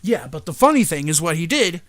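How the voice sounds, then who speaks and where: High-voiced man, animated storyteller. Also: fairly quick. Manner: animated, acts out quoted lines. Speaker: podcast co-host. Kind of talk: casual chat, retelling a movie scene.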